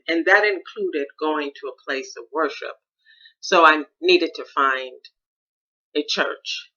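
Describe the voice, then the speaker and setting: Middle-aged woman, bright sharp tone, thoughtful searching monologue, slightly muffled lo-fi recording. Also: low voice. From Chicago, USA. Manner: thoughtful, searching, with restarts and stressed key words. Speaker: podcast host. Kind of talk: reflective personal monologue.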